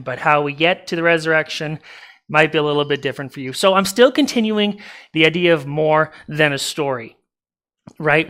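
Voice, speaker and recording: A man's voice: on the high side, a bit bright. A man preaching a casual sermon in a church, animatedly retelling a movie plot with asides to the congregation. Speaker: pastor. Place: church sanctuary.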